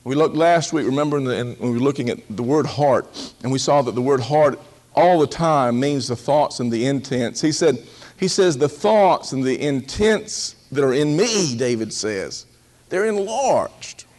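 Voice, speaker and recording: A pastor's darkish, mid-range voice carries lively intonation through a folksy, joking sermon. He stretches out key words, acts out quotes with a raised voice and often laughs.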